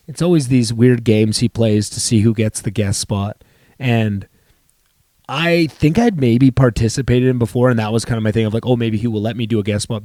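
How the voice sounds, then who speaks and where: Mellow-voiced comedian spinning a story. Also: male voice, mid-range voice, no echo, clean studio sound. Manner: rambling, profane, self-interrupting. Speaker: comedian and podcast host. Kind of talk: casual solo storytelling.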